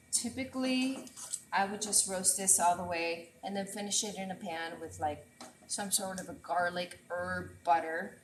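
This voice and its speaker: A woman chef hosts a casual cooking livestream from her home kitchen, talking straight to her viewers as she works. Her voice sits at a middling pitch and comes through an earbud mic. The room sounds echoey, with a faint frying sizzle behind her. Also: background noise. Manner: chatty, talks straight to viewers while cooking. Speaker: chef and host.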